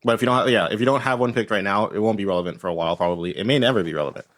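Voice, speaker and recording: Running a tabletop game, this game master talks very fast in a lowish voice. He rambles loosely and ends his lines with "right?".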